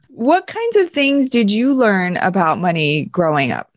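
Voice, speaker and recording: A woman's voice: medium pitch, huge pitch swings, a little slow, no echo. A woman hosting a casual podcast, asking questions and chiming in with short agreements. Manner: brief affirmations, interviewing. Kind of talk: casual conversation.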